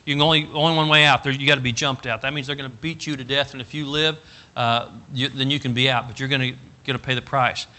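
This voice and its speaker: A middle-aged man preaching a storytelling sermon, folksy and animated, rising to loud emphatic bursts. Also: mid-range voice, fast talker. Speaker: pastor.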